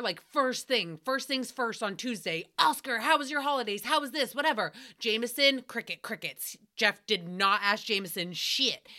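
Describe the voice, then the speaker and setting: Podcast host, woman, thirties, bright and sarcastic, casual riffing delivery. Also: mid-range voice, clear, resonant tone. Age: 30s. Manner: sarcastic, riffing, swears freely.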